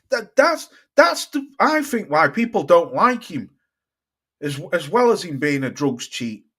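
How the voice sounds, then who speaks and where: Middle-aged british bloke on a boxing stream, kinda high voice, blunt and sweary, reading chat. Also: male voice, fairly bright tone. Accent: British English. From United Kingdom. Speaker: boxing live-stream host. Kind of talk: casual live-stream chat reading comments.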